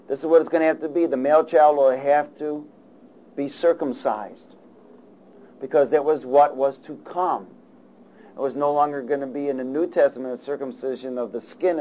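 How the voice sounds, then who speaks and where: A man preaching a sermon and reading scripture, calling out to the congregation and swinging between loud and soft. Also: mid-range voice, poor audio. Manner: call-and-response, rises loud and falls soft.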